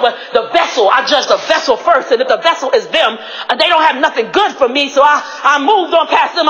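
A woman preaching on her own at home, shouting a repeated phrase, then dropping her voice and laughing between lines. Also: slight background noise, rough recording. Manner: shouts a repeated catchphrase, then drops low, laughing often. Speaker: lay preacher. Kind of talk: informal spoken devotional. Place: home, indoors.

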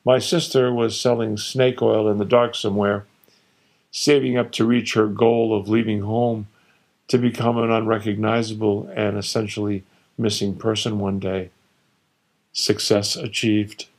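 A man reading his own story aloud in a wry, deliberate, measured way. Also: on the low side, level tone, darkish tone.

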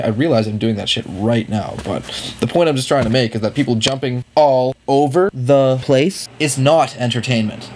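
A young man talking at home in a mocking parody vlog, at times jumping to loud high shouts. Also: slight background noise. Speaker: vlogger. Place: home room.

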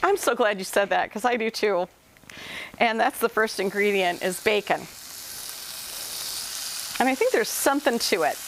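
A woman's voice: medium pitch, expressive, normal speed, pauses often, noisy background. A woman giving a home cooking demonstration in a kitchen, talking to viewers in a chatty, folksy and playful way.

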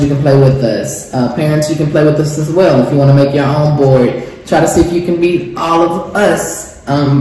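Man teacher in a very echoey room. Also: a little high. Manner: relaxed, friendly, with many fillers. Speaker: preschool teacher. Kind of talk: casual class video explaining a game. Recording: very echoey room with faint noise.

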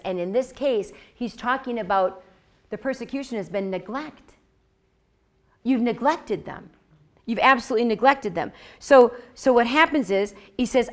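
A woman leads a Bible study in a relaxed, conversational way. She repeats her points for emphasis and keeps checking in with "okay?" and "right?". She also voices the quoted lines with animated expression. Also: medium pitch. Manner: animated, acts out God's words. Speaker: Bible teacher.

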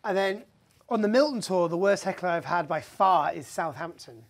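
A male stand-up comedian, a guest, telling anecdotes in casual chat in a lively way. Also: sits high, moderate pace, vocal fry. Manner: lively storyteller, acts out voices.

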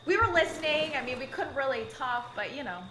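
A woman's voice: high voice, expressive, fairly quick, over a noisy crowd. A woman chatting and teasing while playing a horror game with friends, often giggling and squealing. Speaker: gaming friend. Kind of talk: casual gameplay chat. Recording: game music behind.

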